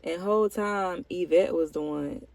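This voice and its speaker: A young woman talking candidly to her viewers in a vlog, slow, reflective and heartfelt, with casual slang. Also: on the low side, darkish tone, no echo. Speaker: vlogger. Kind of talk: candid personal check-in.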